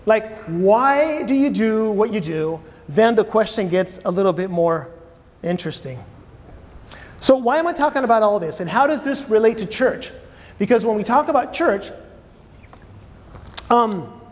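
A man giving a conversational sermon to a church audience, repeating key phrases and putting questions to the room. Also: high voice. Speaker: preacher. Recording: long hall reverb.

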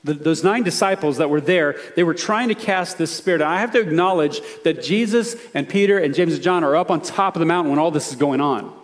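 A male pastor preaching a conversational sermon, dropping soft and low for his appeals. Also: a little fast, hardly any pauses.

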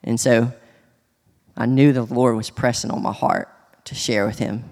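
A man sharing a personal testimony in church, speaking earnestly and haltingly, with many restarts. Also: mid-range voice, steady tone, vocal fry, darkish tone. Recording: long hall reverb.

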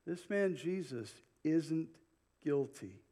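A man's voice: fairly high pitch, animated, mellow. A male pastor preaching an expository sermon, paraphrasing the people in the passage as he goes. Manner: unhurried expository preaching, paraphrasing Bible characters.

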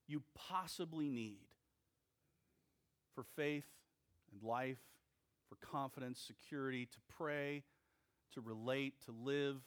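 A male pastor preaching a sermon, with slow, deliberate phrasing and emphatic pauses between short phrases. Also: medium pitch, clear, resonant tone.

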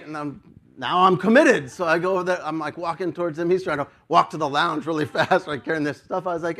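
A male pastor telling a story in his sermon, animated and self-mocking and often laughing. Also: fairly high pitch, fast talker.

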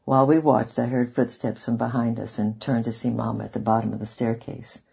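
A man reading a novel aloud in the first person, in a measured way. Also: mid-range voice, little pitch movement, creaky, breathy edge. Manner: measured, warm sign-off. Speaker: audiobook reader.

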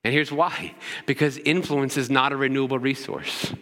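Bright-voiced preacher man in a reverberant hall. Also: mid-range voice, fairly even intonation, normal speed. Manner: rhetorical questions, repetitive emphatic preaching. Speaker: pastor. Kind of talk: sermon.

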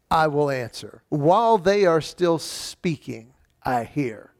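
Guy preaching a sermon, kinda high voice, lots of fry, stumbles and restarts words, earnest with dry jokes. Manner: earnest personal storytelling with wry humor; frequent stammered restarts. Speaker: pastor.

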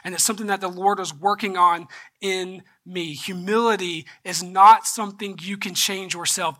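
High, bright-voiced man preaching a sermon. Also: fairly even intonation, moderate pace. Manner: personal storytelling, often drops to a soft, choked-up voice. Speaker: pastor.

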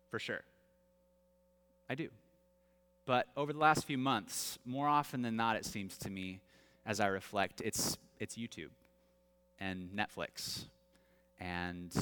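A man in his thirties, a pastor telling humorous family stories in an animated, self-deprecating sermon, with long hall reverb. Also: lowish voice. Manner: animated, self-deprecating, with laughs and acted-out quotes. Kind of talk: storytelling sermon.

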